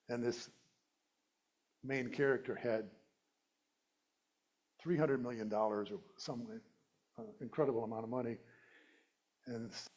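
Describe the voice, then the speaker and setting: A man's voice: mid-range voice, a little mellow. A middle-aged male minister giving a conversational, playful sermon and laughing at his own jokes. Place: church sanctuary.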